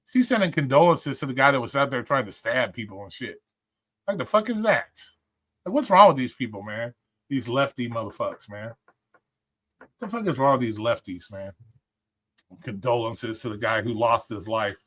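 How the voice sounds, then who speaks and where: A man's voice: medium pitch, lively intonation, moderate pace, a bit bright. A man hosting a livestream, talking casually and ranting with lots of swearing as he checks his likes and picks videos. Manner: rambling, profane, ranting. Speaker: livestream host.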